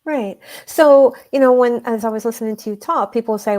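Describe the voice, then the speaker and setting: A woman with a mellow, warm voice talks through a client story in an unhurried way. She is earnest and emphatic, and she leans into key phrases as a healer explaining her work. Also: a little high. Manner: earnest, emphatic, slows down to stress points. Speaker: guest, energy healer. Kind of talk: conversational storytelling.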